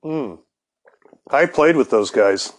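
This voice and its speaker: A man's voice: mid-range voice, lively intonation, slow. A man co-hosting a casual podcast, talking in a laid-back, profane, rambling way. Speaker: podcast co-host. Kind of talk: casual chat.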